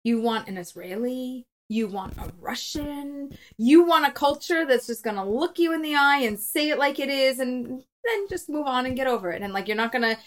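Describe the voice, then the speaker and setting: Bright high-voiced chatty woman. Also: animated, moderate pace, few pauses. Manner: chatty, laughs often, acts out quotes. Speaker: matchmaker and podcast co-host. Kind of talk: casual podcast chat.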